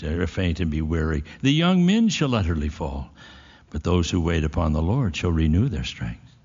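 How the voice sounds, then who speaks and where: A man preaching a sermon, folksy and storytelling, swinging into emphatic passages. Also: fairly low pitch. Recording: dull echoey hall recording.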